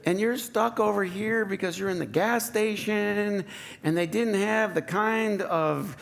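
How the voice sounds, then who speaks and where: Male pastor, conversational sermon with playful asides, voice a touch high. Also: unhurried, gravelly. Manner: conversational, playful, asks the congregation questions. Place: church sanctuary.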